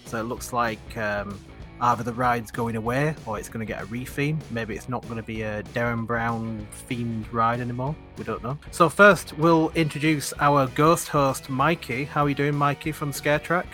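A man's voice: mid-range voice, steady tone, normal speed, bright, forceful tone, soft background music. A man with a Yorkshire accent who hosts a casual podcast and leads the talk with questions. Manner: chatty, leads the discussion with questions. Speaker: podcast host.

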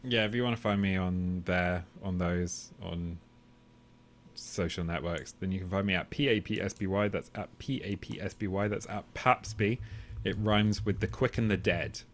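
Rambling low-voiced man, casual podcast chat. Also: fairly even intonation, moderate pace. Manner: rambling, tangential, swearing. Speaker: podcast co-host.

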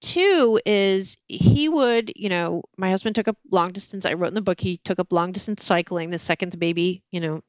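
A middle-aged woman, an author guest in a casual interview, telling candid stories about her marriage with lively, self-mocking asides. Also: lowish voice, normal speed, hardly any pauses, no room sound.

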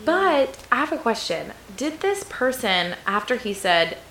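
Lively woman in an echoey room. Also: a little high. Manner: teasing, quick questions. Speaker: podcast co-host. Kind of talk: casual chat. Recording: echoey room with crowd noise.

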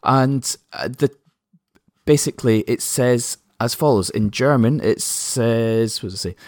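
A man's voice: mid-range voice, unhurried, no room sound, clean studio sound. A man co-hosting a casual podcast, chatty, wry and opinionated. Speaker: podcast co-host.

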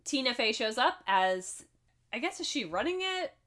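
A woman's voice: fairly high pitch, sing-song, moderate pace, fairly bright tone. Sex: woman. Role: podcast co-host. Style: casual chat recapping a film. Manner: chatty and laughing, with asides.

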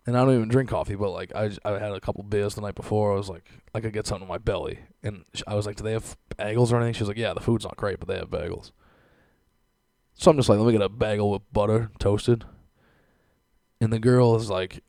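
A man's voice: on the low side, fast talker, vocal fry, darkish tone, no echo. A young man hosting a podcast, ranting in casual, profane chat and laughing often. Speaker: podcast host.

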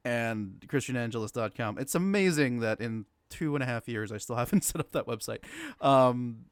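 A man's voice: mid-range voice, normal speed, clear, resonant tone, no room sound. A man co-hosting a podcast in casual chat, rambling and hesitant with many fillers and restarts. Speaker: podcast co-host.

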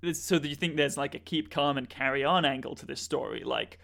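Comedy co-host, male, bright tone, fumbling restarts and feigned panic. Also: medium pitch, creaky. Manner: halting with many restarts, bursts of mock alarm and swearing. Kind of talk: deadpan comedy banter.

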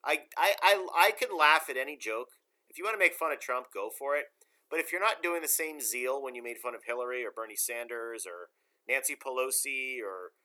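A man's voice: mid-range voice, bright, forceful tone. A man hosting a casual talk show, giving emphatic, rambling opinions.

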